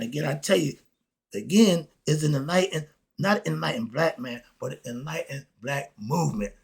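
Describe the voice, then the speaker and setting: Gravelly man ranting, emphatic. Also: medium pitch. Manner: emphatic, preachy, repeats "okay?". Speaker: commentary host. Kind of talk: casual spoken rant.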